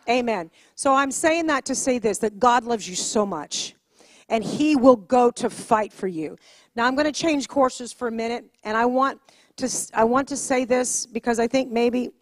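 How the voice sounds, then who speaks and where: A woman's voice: mid-range voice, no echo. Emphatic woman preaching a story sermon. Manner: animated, emphatic storytelling with acted-out quotes. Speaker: guest speaker at church. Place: church sanctuary.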